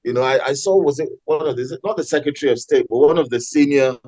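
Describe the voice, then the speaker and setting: Man, fairly high voice, dry close sound, passionate, halting restarts. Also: darkish tone, no room sound, low-quality recording. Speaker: podcast co-host. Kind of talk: casual political discussion.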